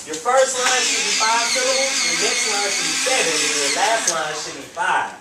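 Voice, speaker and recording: A man's voice: sits high, normal speed. Man teaching in a noisy, echoey classroom. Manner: coaxing, prompts students by name. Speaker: middle school teacher. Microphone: handheld camera from across the room. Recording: echoey classroom recorded from far off.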